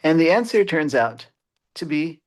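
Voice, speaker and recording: A man who teaches mathematics, giving a webinar lecture in an explanatory way and pausing often on "uh" fillers. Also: fairly high pitch, big pitch swings. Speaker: mathematics educator.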